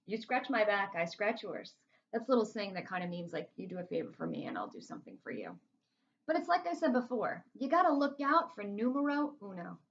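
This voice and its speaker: A woman reads a children's novel aloud in a casual, chatty first-person storytelling style. Her medium-pitched voice is lively and fairly quick, and the lo-fi recording is slightly muffled.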